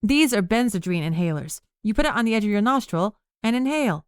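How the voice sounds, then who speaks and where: A woman narrator voicing a brisk, bossy young woman who arrives breathless with remedies. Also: mid-range voice, animated, clean tone, no echo, studio quality, voice pushed up, close to an everyday voice.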